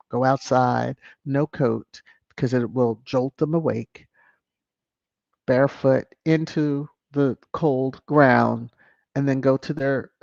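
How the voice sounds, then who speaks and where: Animated host reading a live chat. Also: vocal fry, no echo. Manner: animated, with sudden high whoops and chuckles. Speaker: channel host. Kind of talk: casual livestream chat, reading viewer comments. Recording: dull, dry lo-fi audio.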